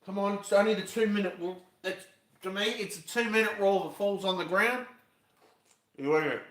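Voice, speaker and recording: A man chats his way through cooking on a live stream, his voice sitting a little high for a man. He rambles, talks to himself and cracks cheeky jokes at his viewers. The sound bounces around an echoey room. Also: a little fast, fairly bright tone. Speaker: fishing channel host.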